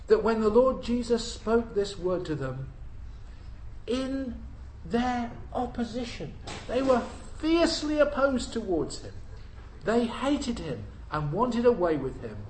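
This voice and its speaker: A male preacher with a high, lively voice that climbs and dips widely as he preaches to his congregation. He puts questions to them and shifts between forceful, loud emphasis and quiet, hushed asides. There is faint noise behind him in the church. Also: slow pace, reverberant, low-quality recording. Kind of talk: sermon.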